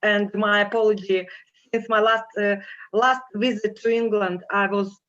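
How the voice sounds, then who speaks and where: An older woman with a strong Russian accent, speaking slowly and haltingly with many fillers as a guest on a video call panel. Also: mid-range voice, fairly even intonation, fairly bright tone. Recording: dull lo-fi video call audio.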